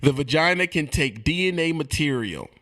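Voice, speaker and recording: A man delivering a streetwise comedic rant, animated and repetitive, swinging between loud and quiet. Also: a little high, moderate pace. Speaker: comedic ranting monologue.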